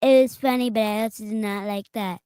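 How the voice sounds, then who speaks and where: A woman chatting on a podcast with short deadpan answers, playing along as the president. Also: mid-range voice, brisk, clean tone, no echo, studio quality. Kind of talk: casual chat, playfully posing as the president.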